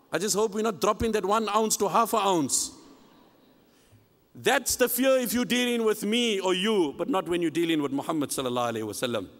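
A man giving a sermon, telling a story with animated acted-out dialogue. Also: high voice, fairly quick. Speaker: preacher. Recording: long hall reverb.

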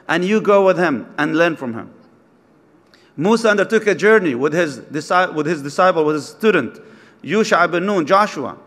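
A man preaching a sermon, telling a story and acting out its dialogue, with recited verses mixed in. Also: high voice. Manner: animated, acts out dialogue, mixes in recited verses. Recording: long hall reverb.

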